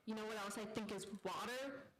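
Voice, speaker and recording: A woman's voice: mid-range voice, fairly quick, a bit bright, echoey room, lightly acted, low-quality recording. A woman voicing a cocky, sarcastic young male fish who taunts and mocks. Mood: mocking. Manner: taunting, mocking.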